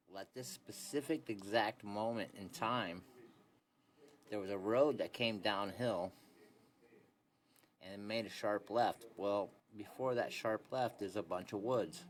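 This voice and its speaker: A young man with a low, unhurried voice tells a rambling story, leaning on fillers like "anyways" and "this and that". It sounds like a casual phone recording, with a faint hiss underneath. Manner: rambling, laid-back, many fillers like "anyways" and "this and that".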